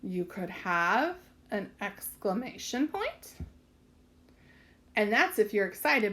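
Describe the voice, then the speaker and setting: A woman's voice: medium pitch, sing-song, slow, gravelly, noisy background. A woman teaching a recorded lesson to young children, thinking aloud and spelling words out letter by letter in a sing-song teacher voice.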